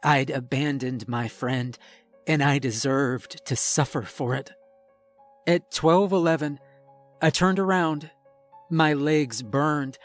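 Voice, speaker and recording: Slow dramatic male horror narrator. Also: medium pitch, fairly even intonation, faint music behind. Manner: dramatic, tense storytelling. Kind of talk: scripted first-person horror narration.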